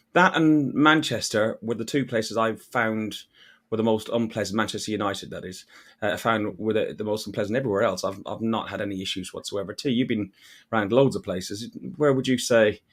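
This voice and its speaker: A fairly low-pitched man from Ireland hosts a relaxed fan podcast. He speaks in a chatty, informal way. He often stumbles and repeats a word or two before a sentence gets going. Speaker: podcast host. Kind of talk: casual chat.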